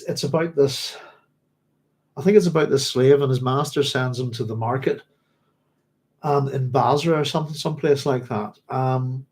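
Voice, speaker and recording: On a casual livestream about books, a man reads passages aloud and then chats and rambles between them, chuckling often. He has a mid-range, slightly mellow voice.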